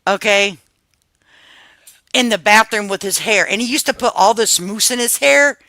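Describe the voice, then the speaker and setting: A woman's voice: mid-range voice, moderate pace, bright, forceful tone, no room sound, low-quality recording. Woman, 50s, livestream host, casual chat, profane, laughing storyteller, dry close sound.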